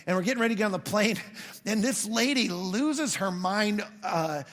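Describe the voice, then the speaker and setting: A man's voice: high voice, normal speed, big-room sound. A man preaching a sermon as pastor, telling stories in a loose, conversational way and acting out the people he quotes. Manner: conversational storytelling with animated quoted asides. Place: church auditorium.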